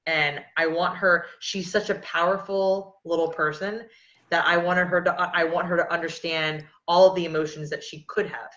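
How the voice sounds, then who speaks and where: Brief: woman in her 30s, podcast host, earnest and rambling, bright forceful tone, lower voice. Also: fairly even intonation, normal speed. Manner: rambling, earnest, many restarts. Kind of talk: casual podcast conversation. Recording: echoey, dull lo-fi sound.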